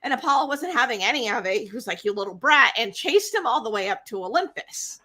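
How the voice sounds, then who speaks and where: A woman host casually retelling myths in a chatty, animated way. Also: on the high side, fast talker. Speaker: podcast host. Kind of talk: casual myth storytelling.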